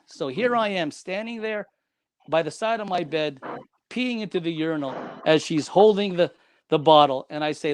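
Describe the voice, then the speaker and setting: A man's voice: high voice, moderate pace, clean tone. A man who is a guest on the show, telling a personal story in an emphatic, dramatic way and repeating key lines.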